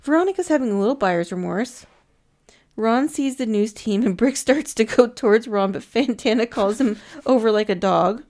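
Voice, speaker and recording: This woman co-hosts a podcast and recaps a film from her notes in easygoing chat, giggling a lot along the way. She sounds a little high and darkish in tone, expressive and moderately paced.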